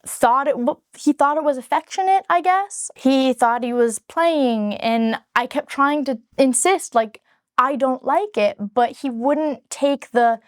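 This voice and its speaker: A woman's voice: high-pitched, a little slow, hardly any pauses, dry recording, clean studio sound. A woman speaking frankly and earnestly to camera as she tells her own story in a casual vlog. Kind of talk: candid personal storytelling to camera.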